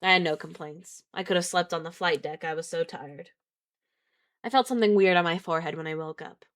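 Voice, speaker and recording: A woman's voice: fairly low pitch, fairly quick. A woman streamer reading a book aloud on a live stream, often stopping to laugh, react and reread lines.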